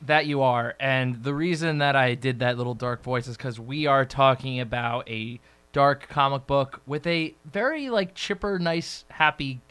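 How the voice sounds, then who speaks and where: A man's voice: medium pitch, measured pace, fairly bright tone, clear, resonant tone. A man hosting a podcast in casual, rambling, self-deprecating chat. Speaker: podcast host.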